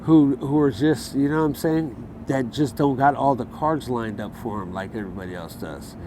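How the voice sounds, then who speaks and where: A man's voice: mid-range voice, moderate pace. A man telling his story in a casual outdoor interview, heated and profane, acting out what others said to him. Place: outdoors in a city. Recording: outdoor street noise.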